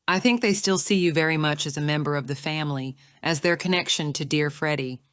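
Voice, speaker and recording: A woman's voice: low voice, fairly quick, clean tone, no echo, clean studio sound, natural voice. Woman reading a smug, teasing young lady. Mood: friendly. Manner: smug, wry, poised. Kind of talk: audiobook character reading.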